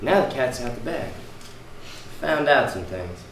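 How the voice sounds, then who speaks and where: A man's voice: medium pitch, expressive, measured pace, slight background noise. A man playing a sneering bully husband. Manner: sneering, taunting, forceful. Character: brash working-class husband, mocking, bullying. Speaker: stage actor. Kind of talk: amateur stage play performance. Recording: echoey room, distant mic.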